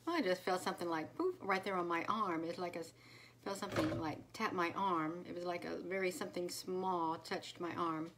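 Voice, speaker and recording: A woman's voice: on the low side, brisk, background noise. A woman hosting a casual live stream, greeting viewers one by one by name with many fillers. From United States. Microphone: phone.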